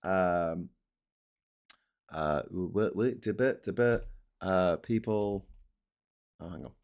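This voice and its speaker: A man's voice: low voice, takes it slowly, a little mellow. A middle-aged British man hosting a casual live stream, rambling, swearing often and mocking himself as he reads comments and papers. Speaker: host.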